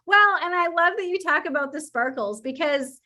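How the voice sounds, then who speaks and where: A woman with a somewhat high voice, hosting a casual podcast conversation. She tells stories animatedly, laughs easily and swears casually as she talks. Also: expressive, normal speed, pushed and bright. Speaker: podcast host.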